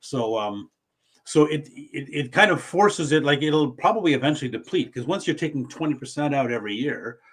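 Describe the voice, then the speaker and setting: A man's voice: on the high side, lively intonation, moderate pace, slightly rough. A middle-aged financial planner from Canada explaining things casually, often restarting his sentences.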